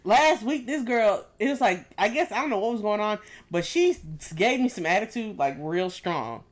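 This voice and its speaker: A woman's voice: mid-range voice, lively intonation, normal speed. A young woman co-hosting a casual chat show, laid-back and teasing. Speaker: podcast co-host.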